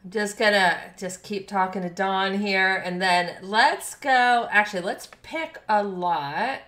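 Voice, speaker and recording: Bubbly female streamer chatting with chat; bright tone, slow easy pace. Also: mid-range voice, roomy sound. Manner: bubbly, reads and thanks chat, laughs often. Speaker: game streamer. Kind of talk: live game stream chat. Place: home room.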